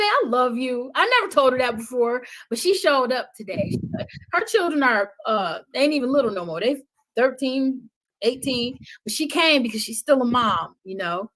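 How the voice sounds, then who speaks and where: A middle-aged woman, a podcast guest, speaking with passion and conviction, often dropping to a soft, intense tone. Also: a little high, expressive, moderate pace. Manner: impassioned, preachy, drops to soft intensity. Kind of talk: passionate conversational talk.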